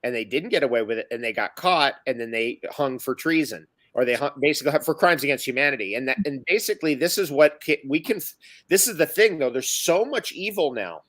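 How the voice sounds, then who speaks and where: A man's voice: mid-range voice, expressive, fairly quick, fairly bright tone, no room sound. A man, a guest in a casual conversation, speaking in emphatic, sweeping declarations that he often repeats.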